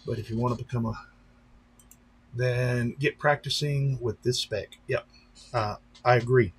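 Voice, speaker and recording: A man with a husky, slightly breathy voice chats to his live-stream viewers. He is a pastor who talks loosely and rambles from one point to the next, greeting people as he goes. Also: mid-range voice, steady tone, a little slow. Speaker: pastor and drone-racing streamer. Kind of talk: casual live-stream chat.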